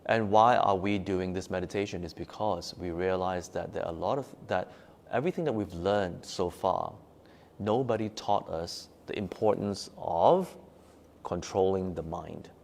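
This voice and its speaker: A male meditation teacher with a voice that sits a little low speaks to his group in a meditation room. He leans on repetition to drive each point home, and now and then he reads a viewer's comment aloud and answers it. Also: moderate pace, gravelly, darkish tone. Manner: emphatic, repeats key words for stress. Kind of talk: live-streamed teaching talk after meditation. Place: meditation room at a forest retreat.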